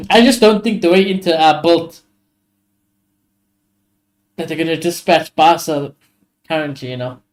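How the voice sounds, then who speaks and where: A man's voice: on the high side, a little slow, long pauses. A man hosting a live football watchalong stream, giving blunt, opinionated reactions and swearing often.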